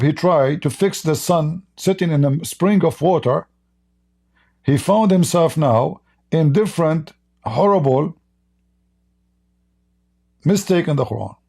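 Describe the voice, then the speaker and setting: Gravelly, dark-voiced man losing his voice. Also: a little high. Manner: reads quoted passages slowly, then comments with mockery. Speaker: live stream host. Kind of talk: livestreamed religious debate commentary.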